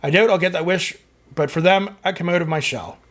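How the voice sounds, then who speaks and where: His voice sits high, a bit bright and fairly quick: a middle-aged Canadian music reaction host reading viewer comments. The chat is casual and loose, rambling and filled with fillers.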